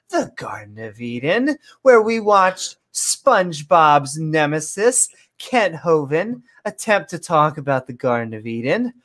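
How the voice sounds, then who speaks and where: Upbeat woman hosting a livestream. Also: mid-range voice. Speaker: livestream host. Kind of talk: livestream sign-off.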